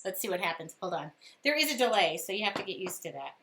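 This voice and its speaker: A woman's voice: medium pitch, sing-song, fast talker, noisy background. A woman hosting a casual craft livestream, giggling often and reading viewer comments aloud. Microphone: phone speakerphone call alongside.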